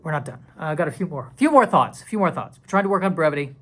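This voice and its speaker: A man's voice: fairly high pitch, animated, racing, sharp tone. A man talking casually to camera in a vlog, rambling and playful, sometimes dropping into silly whispers and mock dramatic voices. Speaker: video creator.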